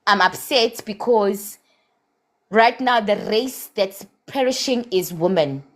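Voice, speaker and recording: A woman's voice: mid-range voice, lively intonation, takes it slowly. A woman with a South African accent in a heated live-stream debate, impassioned and scolding, slipping Zulu words into her English.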